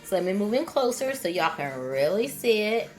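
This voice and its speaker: A woman's voice: medium pitch, very animated, moderate pace, faint music behind. A woman vlogging her home cooking, chatting through each step as she shows the food. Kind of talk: cooking demonstration.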